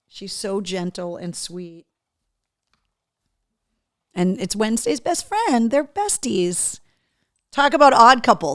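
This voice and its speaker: A woman hosting a live talk show, chatting casually while opening gifts and cooing at a dog. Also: medium pitch. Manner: animated, coos and baby-talks to a dog.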